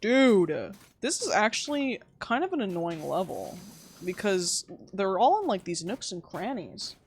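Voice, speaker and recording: A woman's voice: medium pitch, big pitch swings, a little slow, breathy edge. A young woman live-streaming a game, chatting casually and teasing her chat with frequent giggles.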